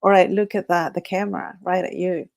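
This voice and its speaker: A woman whose first language is Spanish, hosting a casual livestream, talking in a halting, nervous way with many restarts. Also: on the low side, level tone, creaky. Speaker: livestream host.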